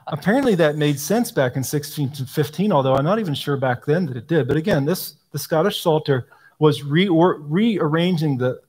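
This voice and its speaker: A man answering questions about a hymnal, explaining thoughtfully with frequent pauses and ums. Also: fairly high pitch, expressive, darkish tone, breathy edge. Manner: thoughtful, explanatory, frequent ums, quotes hymn lines aloud. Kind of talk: live Q&A talk.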